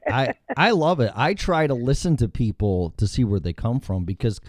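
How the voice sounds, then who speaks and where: A man with a Chicago accent hosting a talk show in casual, profane chat, telling animated stories. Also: medium pitch, moderate pace, dry recording, clean studio sound.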